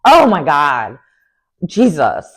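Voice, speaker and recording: A young woman with a sassy, animated manner, giving an opinionated recap of a reality TV show. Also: low voice, slow pace, husky. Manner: animated, sassy, lots of "like" and "girl". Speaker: recap vlogger.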